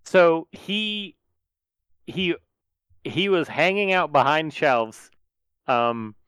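A man's voice: a little high, lively intonation, very slow, fairly bright tone, clean tone, no echo, rough recording. A man who ran a tabletop game, chatting casually and explaining what happened in it, with many restarts. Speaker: game master. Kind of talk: casual chat.

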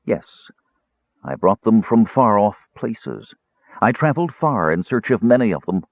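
A man reading an audiobook and voicing a cold, sinister, frail young male mage who speaks calmly and grimly. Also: on the low side, no room sound, pitched above the performer's own voice, exaggerated voice. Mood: cold, measured. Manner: calm, grim and measured. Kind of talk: audiobook character voice. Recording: tinny phone-like audio.

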